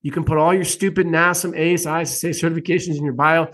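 Blunt, animated male podcast host. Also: fairly high pitch, quick pace. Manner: blunt, profane and animated, jumps into mock quotes. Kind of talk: casual interview chat.

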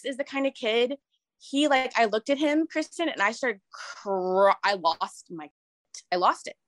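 A woman's voice: a little high, animated, unhurried. A woman in casual chat, telling a personal story in a rambling, emotional way with many restarts. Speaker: guest sharing a story.

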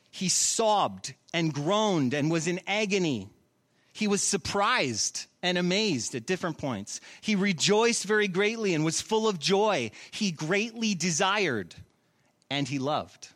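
A man preaching a sermon, animated and repeating phrases for emphasis. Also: high-pitched. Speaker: pastor.

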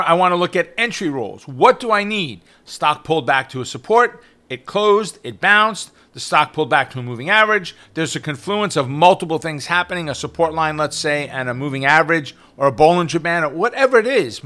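A middle-aged man hosting a trading podcast, teaching in an energetic monologue full of rhetorical questions and tag questions. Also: on the high side. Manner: animated, rhetorical questions, frequent "right?". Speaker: trading coach podcast host.

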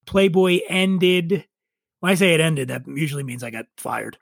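Man, middle-aged, high voice, animated storyteller, swears casually, dry close mic. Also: moderate pace, gravelly, no echo. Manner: animated, swears freely, laughs at himself. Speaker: drinks writer and drinking-show host.

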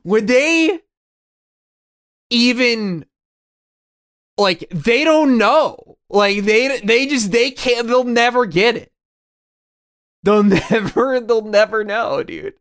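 A man's voice: very high voice, slow pace, fairly bright tone, clear, resonant tone. A man in his thirties in a rambling, swearing casual chat as a podcast co-host. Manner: rambling, swears freely, many restarts.

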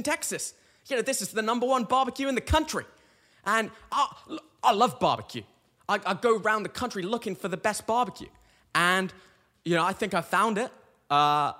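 A young man in his twenties hosting a podcast, telling a casual, rambling story with lots of restarts. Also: sits high. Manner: animated, rambling with frequent restarts. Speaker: podcast host. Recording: long reverberant echo.

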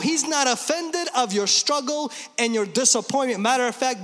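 A man in his thirties preaching an Easter sermon to a congregation, with emphatic delivery and quick joking asides. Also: very high voice, very animated, sharp tone. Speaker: pastor. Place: large church hall. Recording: long reverb of a large church hall.

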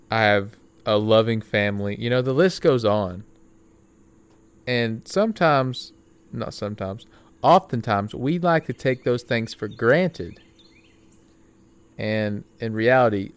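A man's voice: mid-range voice, clear, resonant tone. A young man hosting his own podcast from his back porch, chatting casually in a rambling, friendly way, full of fillers and self-corrections. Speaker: podcast host. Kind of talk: casual solo podcast talk.

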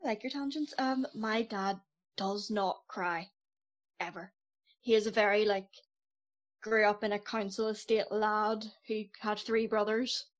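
A woman guest on a podcast, talking in a relaxed, candid way during casual chat. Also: mid-range voice, unhurried.

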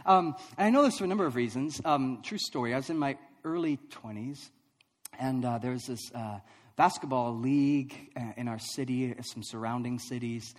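A man preaching a sermon, telling a funny personal story with lively, self-deprecating delivery and frequent laughs. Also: medium pitch, moderate pace, long reverb tail. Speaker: pastor.

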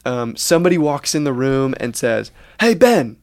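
A man's voice: mid-range voice, normal speed, darkish tone, clean tone, no room sound. A man co-hosting a faith podcast, explaining ideas in an earnest, teaching way. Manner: earnest, explanatory, acts out quoted reactions. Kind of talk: reflective faith podcast talk.

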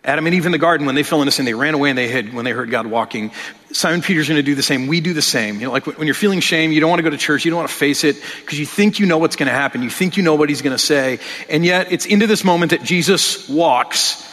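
A man's voice: fairly high pitch, quick pace, a bit bright. A man preaching a sermon in a conversational way, often repeating words as he restarts and asking rhetorical questions. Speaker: pastor. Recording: long hall reverb.

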